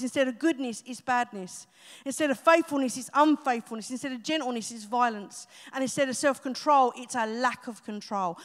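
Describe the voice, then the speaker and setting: A woman pastor delivers a live sermon in a high, bright register, pressing her points and tossing in wry asides. Her voice rings out through a church auditorium with a long reverb tail. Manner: emphatic preaching with humorous asides.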